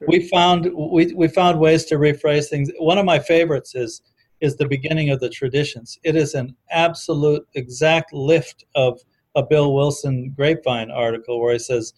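Man, higher-pitched, thoughtful talker who quotes texts from memory. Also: fairly even intonation, moderate pace, a little mellow. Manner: thoughtful, quotes literature from memory, frequent restarts. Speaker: discussion guest on recovery history. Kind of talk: casual conversation.

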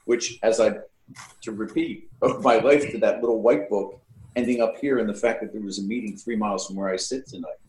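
Man, low voice, hesitant and sincere, echoey room sound. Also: a little mellow. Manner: hesitant, halting, admiring. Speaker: discussion participant. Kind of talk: casual conversation.

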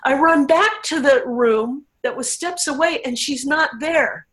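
A woman's voice: high-pitched, measured pace, fairly bright tone, rough recording. A woman speaking as an interview guest, telling a personal recovery story in a candid, emotional way.

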